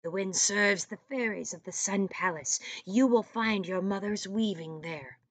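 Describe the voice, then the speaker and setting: A woman reading as a croaky wrinkled old man. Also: mid-range voice, measured pace, no room sound. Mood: ominous. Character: wrinkled old man at a mountain hut, ominous.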